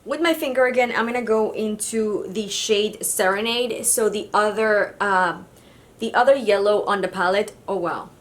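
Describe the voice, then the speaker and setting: A woman's voice: medium pitch, moderate pace. A woman from Mexico, a beauty vlogger, chatting casually through a makeup tutorial with easy fillers.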